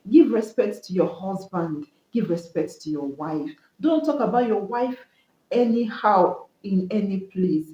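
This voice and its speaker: Woman, mid pitch, earnest marriage-advice teacher, repeats key points, roomy dull recording. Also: expressive, unhurried, mellow. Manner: earnest, repetitive preaching cadence. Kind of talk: Christian relationship teaching.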